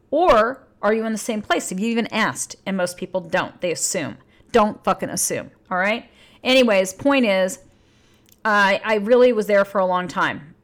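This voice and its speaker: Woman relationship coach, candid and blunt, swearing freely, lively emphatic delivery. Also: medium pitch. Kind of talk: casual advice monologue.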